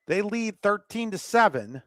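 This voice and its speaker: A man doing live softball play-by-play commentary, chatty between pitches and rising in excitement on the plays. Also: a little slow, no room sound, studio quality.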